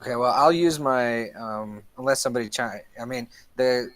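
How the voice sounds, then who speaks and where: A man's voice: mid-range voice, normal speed, fairly bright tone, dry recording. A man playing a tabletop game, describing his actions hesitantly with many fillers. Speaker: player.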